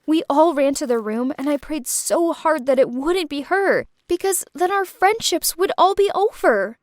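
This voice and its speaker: A young woman telling a dramatic first-person story in an animated way. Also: sits high, moderate pace, dry recording.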